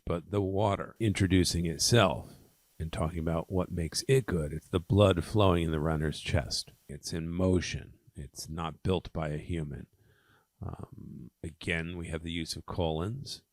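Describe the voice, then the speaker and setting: A male test prep tutor gives a poem walkthrough lesson, explaining it line by line with frequent ums and okays. His voice is low and a little mellow, and the recording is dry.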